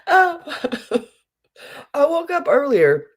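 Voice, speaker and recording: A woman's voice: sits high, very animated, drawn-out words. A middle-aged woman hosting a live online sale, chatting casually and rambling as she greets viewers by name, her voice still groggy from just waking up. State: groggy morning voice, just woken up. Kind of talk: casual livestream chat.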